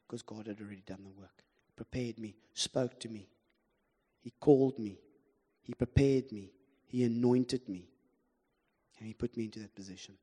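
A man's voice: fairly low pitch, normal speed, dark tone, husky. A man with a South African accent preaching a sermon, telling a story with animation and humor and putting questions to the congregation. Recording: long hall reverb.

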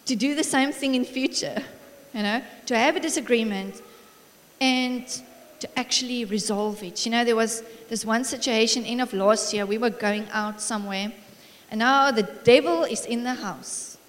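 A middle-aged woman preaching a sermon in a church hall, warm and encouraging, telling family stories with frequent laughter. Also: fairly high pitch, moderate pace. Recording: long reverb of a large hall.

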